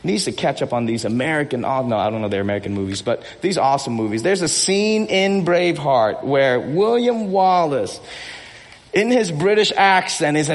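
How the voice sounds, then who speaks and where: A man preaching a sermon from the pulpit, animated and joking with his congregation. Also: fairly high pitch, moderate pace, big-room sound. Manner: animated, energetic, acts out movie speeches with rising intensity; jokes with the congregation and repeats himself. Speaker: pastor. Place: church hall.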